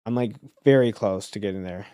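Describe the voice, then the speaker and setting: A young man livestreaming while making beats, chatting casually and excitably with his viewers, swinging between loud bursts and quiet mumbling. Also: on the low side, brisk, clear, resonant tone, no echo, clean studio sound. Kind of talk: casual chat to stream viewers.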